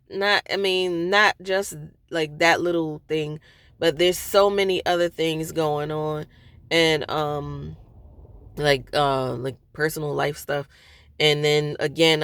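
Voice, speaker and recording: A woman venting candidly to her viewers from a parked car, hesitant, with many pauses and restarts. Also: deep voice, a bit bright, smooth, no echo. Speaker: vlogger.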